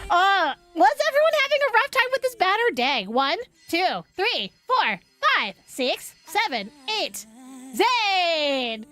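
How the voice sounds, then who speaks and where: Young woman, game streamer, very high voice, unhurried, excitable reactions. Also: faint music behind. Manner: excitable, groans and cheers at pulls. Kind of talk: live gacha game stream.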